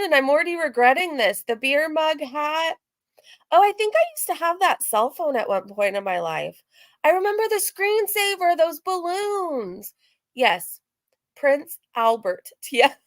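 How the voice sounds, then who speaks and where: Giggly, high-pitched woman reacting live. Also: big pitch swings, unhurried, a bit bright, dry recording. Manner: giggly, bewildered, chatty. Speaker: reaction channel host.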